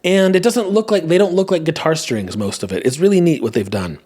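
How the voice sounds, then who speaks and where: A man's voice: on the high side, expressive, a little fast, a little mellow, slightly rough. A man in his thirties hosting a podcast, musing aloud in a rambling, self-questioning way. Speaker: podcast host and comedian. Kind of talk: casual monologue.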